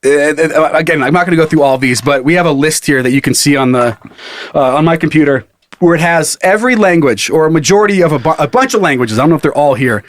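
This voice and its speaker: A man's voice: fairly high pitch, expressive, quick pace, no room sound. A man co-hosting a casual comedy podcast, laughing often and swearing casually as he reads out lists. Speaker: podcast co-host.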